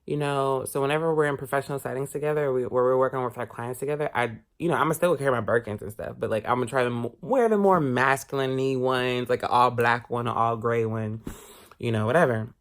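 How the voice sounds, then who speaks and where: A man vlogging a casual storytime, candid and expressive, swearing casually as he talks. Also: mid-range voice, quick pace.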